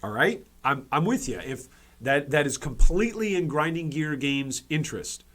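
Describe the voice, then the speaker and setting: A man's voice: fairly high pitch, animated, moderate pace, a bit bright. A man hosting a gaming commentary video, speaking emphatically and repeating key points for stress, with frequent restarts and fillers.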